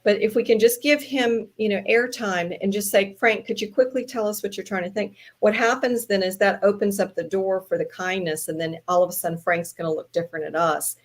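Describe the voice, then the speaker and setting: A woman with a Southern US accent, chatting as a podcast guest and telling stories in a playful, animated way. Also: medium pitch, fairly quick, few pauses. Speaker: podcast guest, trainer and speaker. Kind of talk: casual panel chat.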